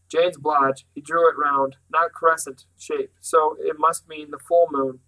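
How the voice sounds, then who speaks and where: A man reading a novel aloud, narrating plainly and shifting lightly into character voices. His voice is bright and fairly high for a man. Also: flat delivery, normal speed, hardly any pauses, poor audio. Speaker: reader.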